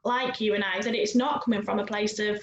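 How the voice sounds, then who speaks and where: A woman's voice: medium pitch, steady tone, fairly quick, lo-fi sound, slight background noise. A woman hosting an interview as a coach, talking reflectively and at length with many asides. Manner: reflective, talkative, frequent "you know". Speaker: host and coach. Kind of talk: conversational interview. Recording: echoey room.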